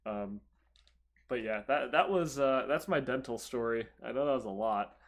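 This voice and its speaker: A young man co-hosting a casual podcast, telling a story in an animated, profane way. His voice swings between loud outbursts and low mumbles. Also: normal speed, slight background noise. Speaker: podcast co-host.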